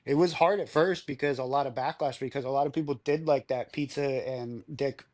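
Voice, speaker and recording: A man's voice: medium pitch, fairly quick, a little mellow. A man telling a story as a podcast guest, talking in a boisterous, profane and unfiltered way. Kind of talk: casual storytelling.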